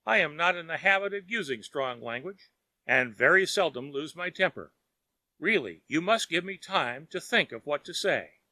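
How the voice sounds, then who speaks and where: A man voicing a calm, kindly neighbor who teases in a mild way. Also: on the high side, moderate pace, no room sound, heavily acted. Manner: mild, teasing.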